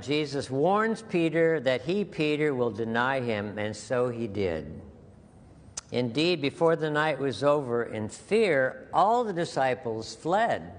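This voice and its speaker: A man preaching a sermon as pastor, earnest and conversational, repeating key phrases for emphasis. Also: medium pitch. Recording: long hall reverb with faint noise.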